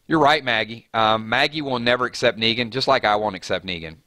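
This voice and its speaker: A man hosting a live fan commentary stream, animated and argumentative in a conversational way. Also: medium pitch, a little fast, no room sound. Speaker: host.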